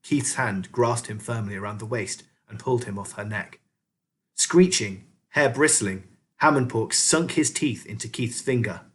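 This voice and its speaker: A man reading a children's novel aloud as a teacher, expressive storyteller. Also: medium pitch, a little slow.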